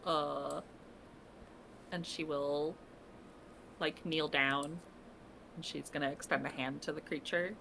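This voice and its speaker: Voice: medium pitch, fairly even intonation, slow pace, gravelly, pauses often, bright, forceful tone, slight background noise, low-quality recording. A tabletop roleplaying game player hesitantly describing their character's action. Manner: casual, hesitant with fillers.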